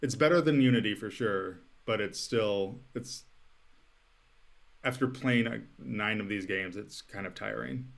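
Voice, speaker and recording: A man's voice: lowish voice, a little slow, vocal fry. A man chatting casually as a podcast guest, laid-back and wry. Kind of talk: casual chat.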